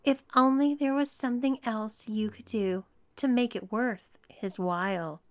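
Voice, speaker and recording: A sly, sarcastic young woman with an arch manner, as a woman reads her lines in a storybook. The delivery is slow and unhurried. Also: on the high side, close to an everyday voice.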